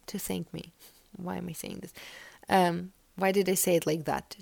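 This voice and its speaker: On her tarot podcast, a woman who isn't a native English speaker rambles through a casual reading, using fillers, correcting herself, and often nearly whispering. The recording is dry, and her mid-range, gravelly voice moves at a measured pace with soft, breathy stretches.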